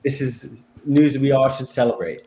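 A man's voice: mid-range voice, lively intonation, normal speed, warm tone, low-quality recording. A man speaking as a guest on a radio talk show, telling light stories in a playful way with frequent laughter. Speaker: guest editor. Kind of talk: casual radio chat.

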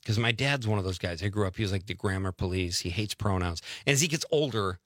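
A man's voice: on the low side, fast talker, dry recording, studio quality. A man hosting a late-night radio talk show, chatting casually, telling stories and laughing easily. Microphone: studio microphone.

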